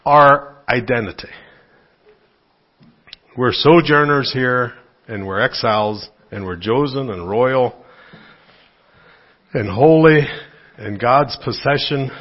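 A man giving a conversational sermon in church, rambling with fillers and restarts, lifting his voice when he quotes scripture. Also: muffled recording. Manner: lively pitch swings when quoting scripture. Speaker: lay preacher.

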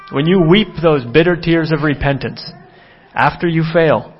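Earnest man preaching, lo-fi audio. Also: moderate pace. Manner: earnest, acts out quoted dialogue with rising pitch. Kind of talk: sermon.

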